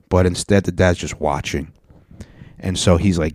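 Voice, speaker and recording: A young man hosting a podcast, telling stories and reacting to videos in an animated, swearing, joking way. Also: deep voice, unhurried, pauses often, no echo, studio quality. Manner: animated storytelling, swearing, acting out people. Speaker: podcast host. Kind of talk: casual reaction commentary.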